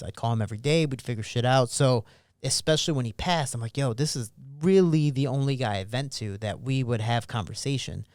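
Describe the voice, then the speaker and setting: A man's voice: medium pitch, darkish tone, dry recording, studio quality. A man in his thirties, a podcast guest, telling personal stories candidly in casual interview talk. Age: 30s. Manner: candid, storytelling, acts out quoted voices. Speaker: podcast guest, MMA fighter.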